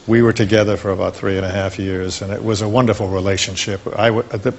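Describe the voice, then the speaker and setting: An older man speaks in a low, settled voice as a guest on a studio talk show. He reminisces fondly and unhurriedly about the people he has known. A faint hiss sits under the recording. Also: little pitch movement, fast, gravelly, dull audio.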